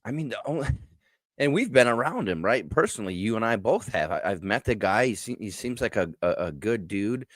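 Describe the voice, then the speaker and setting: A man's voice: on the low side, sing-song, brisk, no room sound, studio quality. A man from Michigan's Upper Peninsula with a Yooper accent, giving frank, opinionated takes as a guest in casual sports talk. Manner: opinionated, frank, stammering restarts.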